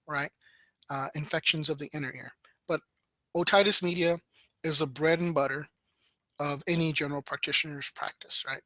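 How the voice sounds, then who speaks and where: Bright-voiced male lecturer, chatty. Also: a little high, no room sound. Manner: conversational, tags sentences with "right?". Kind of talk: classroom lecture. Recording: dull lecture recording.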